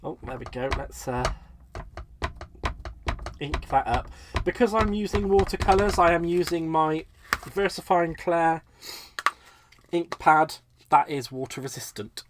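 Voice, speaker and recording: A man's voice: fairly high pitch, measured pace, pauses often, background noise. Chatty British man crafting live. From Britain. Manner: chatty, self-deprecating, laughs often. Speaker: crafting livestream host. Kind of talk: casual live chat while crafting.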